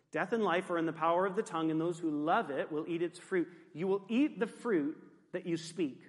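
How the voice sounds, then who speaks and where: A male pastor preaching in an emphatic way, with a fairly high voice for a man. His key phrases come back again and again. A long reverb from the hall trails every line. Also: normal speed. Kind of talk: sermon.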